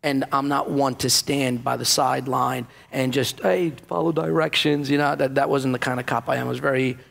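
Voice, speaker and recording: A man's voice: mid-range voice, flat delivery, brisk, vocal fry, fairly bright tone. A man, a former police officer, telling his story in an interview with lots of fillers and acted-out dialogue. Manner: emotional storytelling, acts out the dialogue, many fillers. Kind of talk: personal testimony in an interview.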